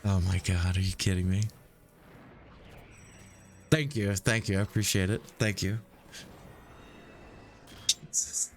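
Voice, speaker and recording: A man's voice: sits low, steady tone, slow, long pauses, slight background noise. A man streaming a game live, chatting casually with viewers and swearing freely. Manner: loose, swears freely, talks to chat. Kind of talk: casual live-stream chat while gaming.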